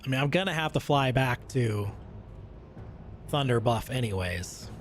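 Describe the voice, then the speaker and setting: A male gaming streamer gives casual, rambling commentary at an ordinary mid pitch and a measured pace. He grows enthusiastic and slangy with excitement as he plays, over a little hiss or hum.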